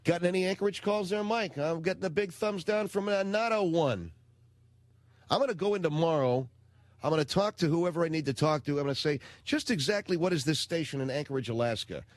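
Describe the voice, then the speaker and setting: Into a studio microphone, a man hosting a radio talk show rants in a blunt, slangy, indignant way. His voice sits high and moves briskly, with no room sound.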